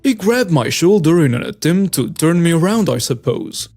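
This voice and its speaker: A man reading a story aloud as a channel narrator, in a steady, even storytelling delivery. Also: a little high, normal speed, soft background music.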